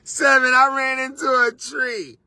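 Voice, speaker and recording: A man's voice: very high voice, little pitch movement, measured pace, bright, forceful tone, no room sound, pitched above the performer's own voice, exaggerated voice. A man mimicking a flustered, panicky adult runner who ran into a tree, making breathless, whiny excuses.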